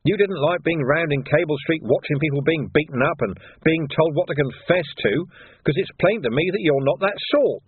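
A man's voice: a little high, lively intonation, normal speed, husky, no echo, pitched above the performer's own voice. A man voicing a shrewd male police commander who talks with dry, mock-cheerful menace, recorded with a narrow phone-like sound. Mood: sardonic.

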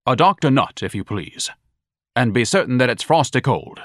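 A man's voice: medium pitch, sing-song, moderate pace, dry recording, clean studio sound, voice pushed up. A man voicing a pompous, fussy young man speaking in a muffled voice.

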